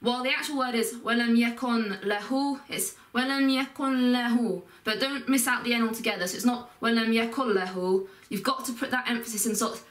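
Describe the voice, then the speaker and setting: A woman's voice: fairly high pitch, quick pace, few pauses, fairly bright tone. A woman teaching a step-by-step recitation lesson, explaining patiently and carefully and drawing out example sounds. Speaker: Quran teacher. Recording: echoey room, voice from a distance.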